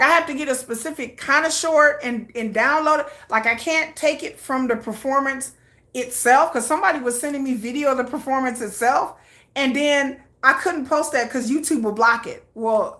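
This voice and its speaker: A middle-aged woman hosting a casual K-pop news chat, chatty and excitable, often slipping into quick acted quotes. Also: fairly high pitch.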